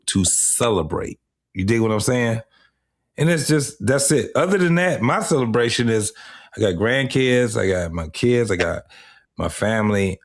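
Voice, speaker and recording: A middle-aged man, hosting a casual podcast chat in a blunt, profane, emphatic way. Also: fairly low pitch. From Detroit, USA. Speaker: host.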